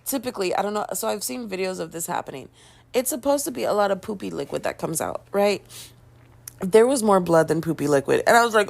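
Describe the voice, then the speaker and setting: A woman vlogger telling a casual story, acting out the quoted dialogue and playing up her own panic in a dramatic, self-mocking way. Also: brisk. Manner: animated storytelling, acting out quoted dialogue with big pitch jumps.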